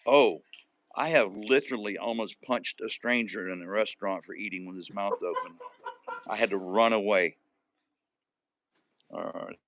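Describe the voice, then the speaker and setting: A man's voice: lowish voice, normal speed, pauses often, fairly bright tone, slight background noise. A man hosting a live stream in casual chat, joking and reading out viewer comments. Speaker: livestream host.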